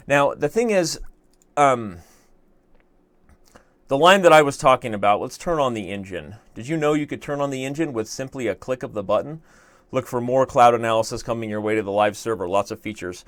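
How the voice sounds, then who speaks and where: In casual live-stream commentary, a young chess host talks his way through a puzzle and jokes at his own expense. His mid-range voice is expressive and fairly quick, with no room sound.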